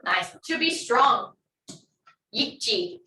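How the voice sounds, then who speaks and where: A woman's voice: on the high side, expressive, drawn-out words, sharp tone, echoey room, distant mic, slight background noise, poor audio. A woman teaching a language class online, upbeat and encouraging as she models words for students to repeat.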